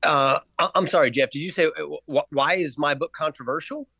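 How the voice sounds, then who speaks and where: An easygoing man speaks as a radio show guest, friendly and hesitant with small fillers. His voice is a touch higher than usual. The sound is dry. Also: brisk, sharp tone, slightly rough, dry recording. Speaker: guest on a phone or remote line. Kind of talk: casual interview chat.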